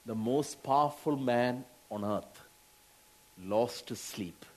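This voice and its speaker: A man with an Indian English accent preaching a sermon, slow, with frequent laughs and exclamations. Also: mid-range voice.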